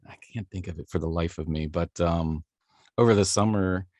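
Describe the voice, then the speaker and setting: Very low-voiced man telling his story. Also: moderate pace, darkish tone, no echo. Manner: rambling, self-deprecating, laughs easily. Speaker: voice actor guest. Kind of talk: casual interview storytelling.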